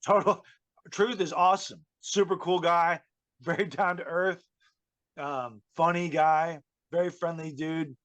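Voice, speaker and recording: A man, a former pro wrestler, tells backstage stories on a podcast in a chatty, animated way, laughing as he goes. His voice sits a little high, and the recording is dry and close-miked. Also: unhurried, no room sound. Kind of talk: casual interview storytelling.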